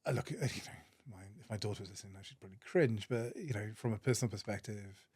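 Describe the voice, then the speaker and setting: Welsh man, low voice, dry close sound, earnest storyteller, podcast guest. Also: quick pace, husky, no echo. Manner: earnest, animated storyteller with frequent restarts. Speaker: podcast guest, managing director. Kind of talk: casual interview storytelling.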